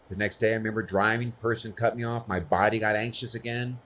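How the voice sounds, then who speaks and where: A man's voice: on the low side, fairly even intonation, quick pace, hardly any pauses, a bit bright. A man speaking earnestly and personally at a conference, often checking in with the audience. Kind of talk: conversational conference talk.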